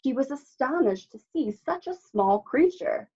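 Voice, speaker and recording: Expressive woman reading to children. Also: high voice, measured pace, breathy edge, muffled recording. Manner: expressive read-aloud with asides to children. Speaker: librarian storyteller. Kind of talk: children's story time read-aloud.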